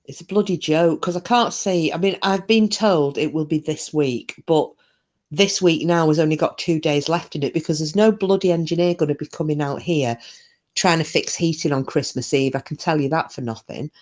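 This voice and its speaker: A woman's voice: deep voice, normal speed, a little mellow. A woman chatting casually on a live stream, rambling through stories, answering comments and swearing mildly.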